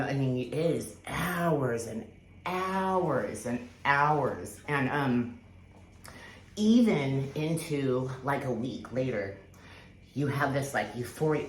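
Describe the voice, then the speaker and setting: A woman telling a personal spiritual story in casual, rambling talk, full of fillers and restarts, with the odd swear word. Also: rumbling low. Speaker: spiritual vlogger. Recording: echoey room with faint background hiss.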